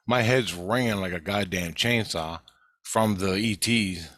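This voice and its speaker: A man's voice: low-pitched, unhurried, a bit bright. A man giving a rambling, profane spiritual video update in an agitated way. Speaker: vlogger.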